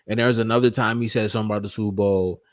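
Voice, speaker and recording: Hyped up guy reacting to clips, lowish voice, dry sound, keeps saying bro and this is wild. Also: racing, no echo. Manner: excitable, repeats himself, slangy. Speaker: fan channel host. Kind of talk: casual reaction commentary.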